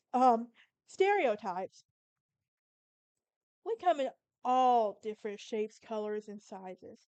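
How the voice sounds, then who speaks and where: Southern woman with a sassy, emphatic delivery, high voice, dry close sound. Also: no room sound. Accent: Southern American. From Southern United States. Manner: sassy, emphatic, talks straight to the listener. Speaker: podcast host. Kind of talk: casual monologue.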